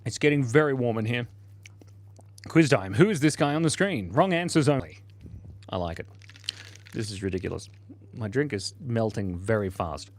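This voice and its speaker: A goofy, easygoing man in his forties hosts a live drawing stream and banters with his chat. His talk is loose, chatty and playful, and his voice sits at an ordinary middle pitch. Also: animated, normal speed, pauses often. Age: 40s. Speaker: livestream host. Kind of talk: casual livestream chat while drawing.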